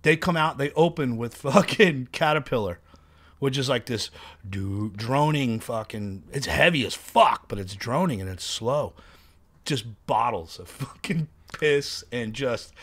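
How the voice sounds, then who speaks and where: A man telling animated, profane tour stories in a casual chat. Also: medium pitch, measured pace. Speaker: guest musician.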